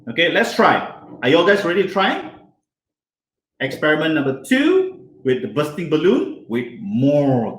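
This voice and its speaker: A man teaching a hands-on science lesson to children, animated and constantly asking them questions. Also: medium pitch, echoey room.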